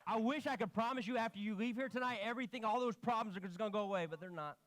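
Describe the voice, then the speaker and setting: In a church sanctuary, a pastor delivers a sermon at a racing pace in a high voice. He tells stories with animation, quoting himself and other people in his own voice.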